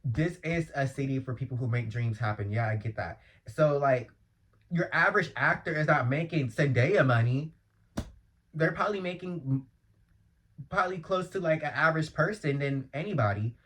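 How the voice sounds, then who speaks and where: A man from Los Angeles hosting a casual solo podcast, talking in a chatty, slangy way that bursts into loud, exasperated outbursts. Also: on the high side, moderate pace. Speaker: podcast host. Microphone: earphone mic.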